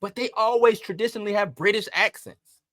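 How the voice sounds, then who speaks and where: A man hosting an entertainment news commentary, talking in an animated, emphatic way and piling up rhetorical questions. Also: high-pitched, a little fast, no echo, clean studio sound. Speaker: host.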